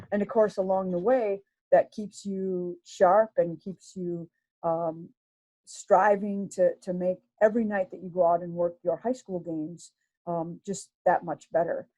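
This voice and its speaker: A woman's voice: fairly low pitch, dark tone, no room sound. A middle-aged woman, a sports official telling stories from her career in a chatty way, with many fillers and restarts. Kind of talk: casual storytelling. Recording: dull lo-fi sound.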